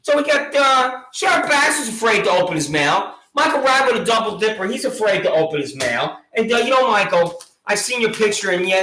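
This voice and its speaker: A man's voice: sits high, pushed and bright, reverberant, slight background noise, poor audio. A man delivering an angry, sarcastic monologue of accusations, combative and mocking in tone. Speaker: video channel host.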